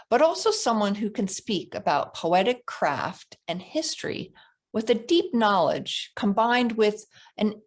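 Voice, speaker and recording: A woman hosting a literary reading, introducing the next guest in an admiring way. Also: mid-range voice. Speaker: event host introducing a guest.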